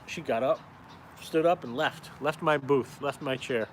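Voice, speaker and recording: A man's voice: medium pitch, measured pace, a little hiss or hum. A man from upstate New York who draws caricatures, rambling and swearing casually as he chats to viewers on a live stream from outside. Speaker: caricature artist and vlogger. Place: outdoors in town, cold.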